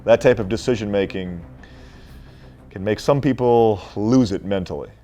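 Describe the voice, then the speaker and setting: Low-voiced earnest angler narrating. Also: male voice, moderate pace, dark tone, faint music behind. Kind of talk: reflective interview narration.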